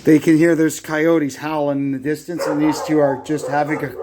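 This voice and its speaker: A man's voice: on the high side, little pitch movement, heavy background noise. A man casually explaining a brake lathe repair step by step as he works in his garage, thinking aloud with fillers, recorded on a phone nearby. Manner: thinks aloud, halting with fillers while working. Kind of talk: casual workshop how-to narration. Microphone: phone camera propped nearby.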